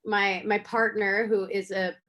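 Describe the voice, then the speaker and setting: A woman filmmaker speaks over a video call in a casual interview, chatty and animated. Her voice sits at a middle pitch, and her story spills out with plenty of fillers and restarts. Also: a little slow. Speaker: filmmaker guest.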